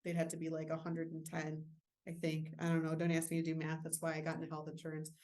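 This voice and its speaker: A woman's voice: low-pitched, completely flat delivery, fast, darkish tone, slight background noise. A woman presenting an insurance training webinar, explaining rules in a casual way with filler words and joking asides. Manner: casual, self-deprecating asides.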